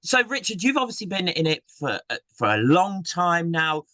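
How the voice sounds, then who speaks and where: A man's voice: sits high, very animated, normal speed, pushed and bright, dry recording. A man hosting an interview, asking chatty questions and encouraging his guest with small affirmations.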